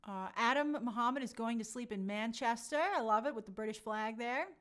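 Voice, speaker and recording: Woman, high voice, livestream host, casual chat, reading comments, upbeat and chatty. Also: a little fast. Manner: upbeat, chatty, reacts warmly to viewers.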